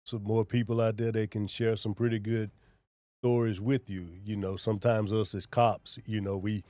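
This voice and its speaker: Low-voiced man. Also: little pitch movement, normal speed, warm tone, no room sound. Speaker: sheriff, guest. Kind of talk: casual interview conversation.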